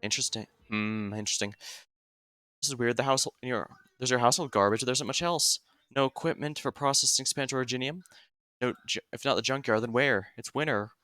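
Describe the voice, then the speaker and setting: A man's voice: medium pitch, brisk, pushed and bright, dry recording, lightly acted. A man voicing a guarded young woman investigator, reading a game story aloud in a brooding, suspicious way. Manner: brooding, suspicious, then accusing.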